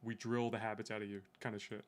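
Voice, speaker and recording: A man's voice: lowish voice, little pitch movement, fast. A young man in casual chat, coaching a coworker on sales, swearing freely and making his points bluntly. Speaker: sales rep.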